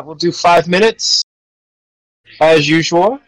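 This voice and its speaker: A man's voice: medium pitch, fairly even intonation, a little slow, no room sound, low-quality recording. A man hosting a casual podcast chat, rambling with frequent restarts. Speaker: podcast host.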